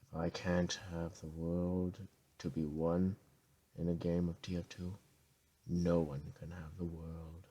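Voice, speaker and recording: A tired young man rambling deadpan through casual gameplay commentary, with sudden loud outbursts. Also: low voice, slow pace, slightly rough.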